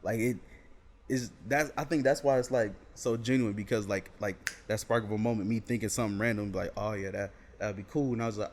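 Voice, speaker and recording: A man's voice: on the low side, a little fast. Young guy on a podcast, chill and chatty, little bit of room hiss. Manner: laid-back, animated when quoting friends. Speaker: podcast guest, comedy video creator. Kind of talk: casual chat.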